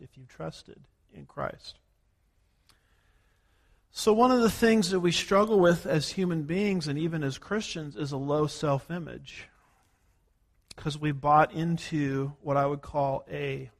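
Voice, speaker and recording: An American man preaches in earnest, counting off his numbered points and drawing out the words that matter. His voice sits a touch higher than most men's, and a long reverb trails each phrase through the hall. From United States. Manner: earnest teaching, lists numbered points, slows to stress key words. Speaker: pastor. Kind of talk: sermon.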